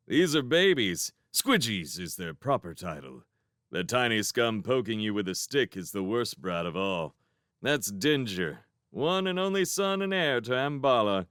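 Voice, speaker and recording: A man's voice: medium pitch, fairly bright tone, clear, resonant tone, no echo, clean studio sound. A man voicing a good-natured, slightly foolish male hedgehog in a storybook, talking in a friendly, disarming way.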